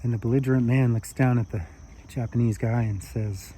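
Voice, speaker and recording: A man's voice: mid-range voice, fairly even intonation, a little fast, dark tone, slight background noise. A man telling a spiritual story outdoors in an earnest, heartfelt way.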